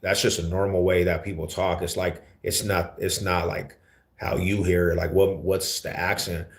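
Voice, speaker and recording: A man's voice: low voice, flat delivery, normal speed. A man with an East Denver accent, hosting a casual livestream and answering viewers in laid-back, slangy talk. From Denver, USA. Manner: laid-back slangy talk, calls people homie and fool. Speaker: livestream host.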